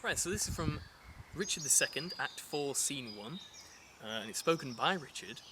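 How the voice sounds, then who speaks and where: A man's voice: on the high side, lively intonation, normal speed, noisy background. Man, teacher, casual lesson, chatty, lots of fillers and restarts, birds and insects in the background.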